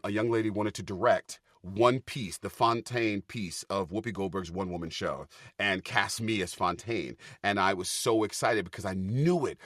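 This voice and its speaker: A middle-aged man with a fairly low but bright, forceful voice tells backstage stories on a podcast. He is animated and gets loud and laughing when excited. The recording is close and dry. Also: dry recording. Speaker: guest, Broadway actor. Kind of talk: casual podcast storytelling.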